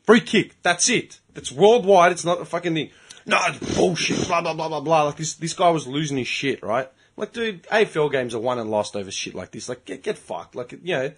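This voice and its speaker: Profane, animated Australian man. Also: fairly high pitch, fairly quick, few pauses. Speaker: podcast host. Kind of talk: casual podcast chat.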